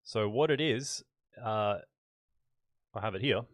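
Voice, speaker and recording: A man with a light Australian accent talks casually to his livestream viewers. His voice sits fairly low and sounds close and dry. He thinks aloud as he goes, with easy fillers along the way. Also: takes it slowly, no room sound. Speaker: photography YouTuber hosting a livestream.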